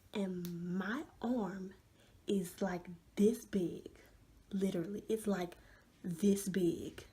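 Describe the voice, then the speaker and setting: Mellow-voiced young woman telling a story. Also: medium pitch. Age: young adult. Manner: animated storytelling, many fillers, drops to a hush. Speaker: vlogger. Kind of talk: storytime vlog.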